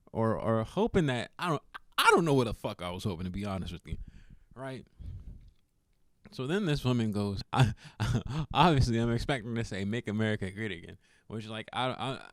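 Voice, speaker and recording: A man's voice: medium pitch, no echo, studio quality. A young man telling a funny personal story in a casual vlog, laughing often and acting out what people said. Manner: animated, laughs often, acts out quotes.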